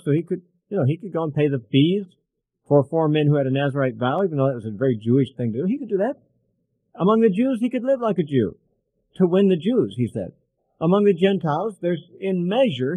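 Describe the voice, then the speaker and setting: A middle-aged man gives a verse-by-verse Bible lesson in an easy, thinking-aloud manner, with frequent asides. His voice sits a little high for a man. The sound is close and dry, with no room echo. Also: dark tone. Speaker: Bible teacher.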